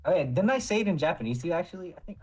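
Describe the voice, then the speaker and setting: A man's voice: a little high, animated, racing. A man on a podcast chatting casually, laid-back and slangy. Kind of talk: casual chat.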